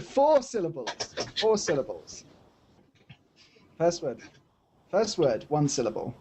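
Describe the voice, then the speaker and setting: A man's voice: a little high, wildly swooping pitch, slow, noisy background. A male podcast co-host in casual chat, playfully guessing at charades with short spoken guesses.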